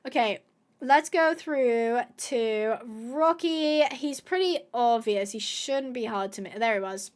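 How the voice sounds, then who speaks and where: A woman hosting a gameplay video, chatting casually to viewers, thinking aloud with excited gasps and asides. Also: fairly high pitch, slow pace. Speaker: gaming video host.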